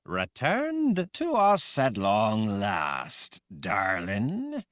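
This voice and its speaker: A man's voice: lowish voice, huge pitch swings, drawn-out words, a bit bright, no echo, studio quality, exaggerated voice. A man voicing a cruel sorceress woman, possessed by a tyrant, speaking in a cold, menacing way.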